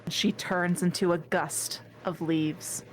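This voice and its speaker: A woman narrating as game master of a tabletop game, measured with small hesitations. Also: fairly low pitch, steady tone, slight background noise.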